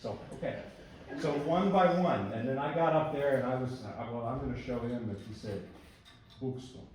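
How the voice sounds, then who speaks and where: Relaxed man speaking in an echoey hall. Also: medium pitch, fairly quick, a little hiss or hum. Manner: relaxed, rambling, self-deprecating. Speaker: pianist giving a recital talk. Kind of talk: casual spoken introduction between pieces. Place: recital hall. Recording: echoey hall, voice heard from far off.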